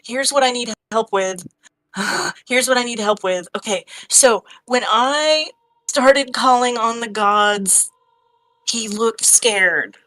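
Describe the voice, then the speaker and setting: A woman voicing a frightened female adventurer who talks through tears in halting, anxious bursts during a tabletop game. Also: a little high, fairly bright tone, no room sound, rough recording. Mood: pleading, halting. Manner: crying, halting, anxious rambling. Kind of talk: tabletop role-play in character.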